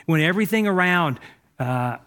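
Impassioned man preaching, fairly high voice. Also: lively intonation, normal speed, smooth. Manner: impassioned, shifts from loud to hushed. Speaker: pastor. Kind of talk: sermon. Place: church.

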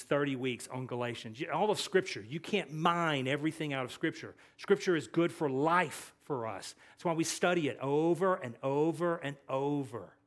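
A man preaching a sermon as pastor, swinging between loud emphatic lines and soft, hushed asides, repeating phrases for emphasis. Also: on the high side.

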